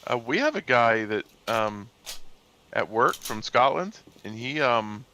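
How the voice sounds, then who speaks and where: A man's voice: mid-range voice, lively intonation, takes it slowly, pushed and bright, slight background noise. An American man chatting while gaming, rambling and hesitant with many restarts. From United States. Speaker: gamer. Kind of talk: casual gaming chat over voice comms.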